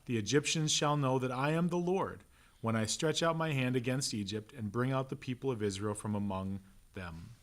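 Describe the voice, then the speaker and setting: A pastor teaching a relaxed Bible class, conversational and joking, with an Upper Midwest American accent. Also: male voice, medium pitch. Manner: conversational, asks "right?" often, acts out quick voices. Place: church classroom.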